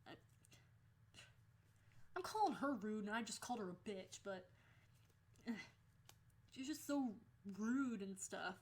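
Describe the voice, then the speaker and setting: A woman's voice: medium pitch, normal speed, pauses often, a little mellow. A young woman vlogging, casually telling a story about her school days, swearing freely and laughing as she goes.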